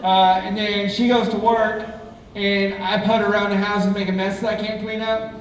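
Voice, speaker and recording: A stand-up comedian performs live on a theatre stage, telling chatty, self-mocking stories in a high voice with a level tone at normal speed. The sound is echoey and distant, with slight background noise.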